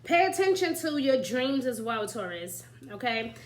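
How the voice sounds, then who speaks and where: A woman's voice: fairly high pitch, big pitch swings, unhurried, low-quality recording. A woman giving casual, chatty spiritual advice as an astrology reader, often asking "right?" and "you know?" and laughing lightly. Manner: laughs lightly while talking.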